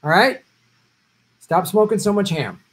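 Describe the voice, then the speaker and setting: Here a high-voiced middle-aged man keeps a measured pace and lively intonation, though the recording is rough. Reading viewer comments on his casual stream, he jokes his way loosely through the answers and notes he's a vegetarian who travels for work.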